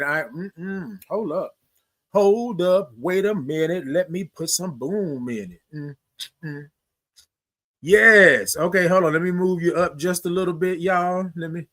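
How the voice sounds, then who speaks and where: A middle-aged man hosts a morning livestream, chatty and repetitive, repeating phrases and singing his greetings. His voice is fairly high and a bit bright, and the talk is casual.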